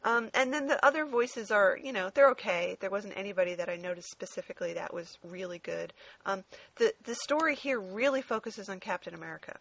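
A woman hosting a casual review chat, talking frankly and at length, swearing freely and filling pauses with ums. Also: medium pitch, creaky, a bit bright.

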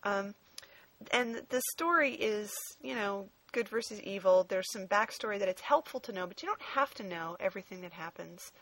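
A woman's voice: mid-range voice, moderate pace, a bit bright, no room sound. Frank, chatty woman reviewing a movie. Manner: frank and chatty, swears freely, many ums. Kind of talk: casual review chat.

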